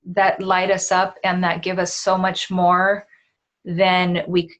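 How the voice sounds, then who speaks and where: A woman's voice: fairly low pitch, monotone, takes it slowly. A woman in her forties co-hosting a talk show in a casual, heartfelt way, with lots of fillers and tag questions. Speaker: co-host. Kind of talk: casual chat.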